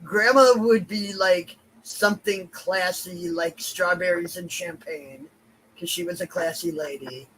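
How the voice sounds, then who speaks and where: A man's voice: high voice, lively intonation, measured pace, sharp tone, slight background noise, poor audio. A man who is a guest on a podcast, chatting casually with many "like"s and restarts.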